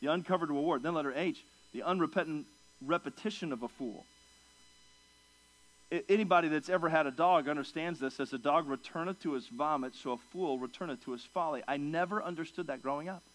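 A man with a fairly high voice preaches a verse-by-verse sermon. He drops low for side remarks, then climbs into loud, excited stretches. He acts out the people he quotes in higher, animated voices. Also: brisk, low-quality recording. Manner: emphatic, swings from low asides to raised, excited delivery. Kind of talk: expository sermon.

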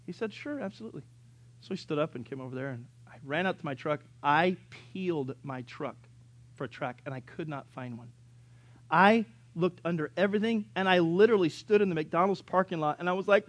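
A male pastor telling a story in a sermon, acting out the dialogue and sometimes bursting into loud, exasperated rants. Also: a little high, fairly quick, no room sound.

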